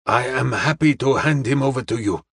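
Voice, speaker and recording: A man voicing a polite, formal detective in an audiobook, speaking in measured, clipped phrases. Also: medium pitch, fairly bright tone, husky, dry recording, studio quality. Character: polite, formal middle-aged male detective. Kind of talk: audiobook character reading.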